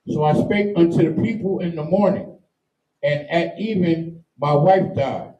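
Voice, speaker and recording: A man reading old scripture verses aloud, slow and halting, now and then stumbling over the words. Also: fairly high pitch, mellow. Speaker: scripture reader. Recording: distant, echoey, dull lo-fi.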